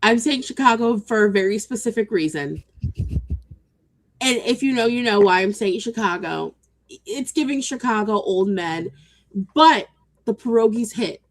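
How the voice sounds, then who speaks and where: A woman co-hosting a casual chat stream, croaky from being sick, laid-back and teasing. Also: on the high side, lively intonation, normal speed, dry recording. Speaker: co-host.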